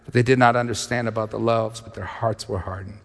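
A man preaching a sermon, reading scripture and retelling it in lively storytelling, acting out the characters' voices. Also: on the low side, brisk, big-room sound. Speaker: pastor.

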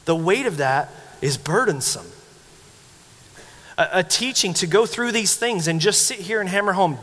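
A man preaching a sermon as pastor, telling stories with animated, acted-out quotes. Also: sits high, moderate pace, long reverb tail. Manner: animated storytelling, acting out quoted voices.

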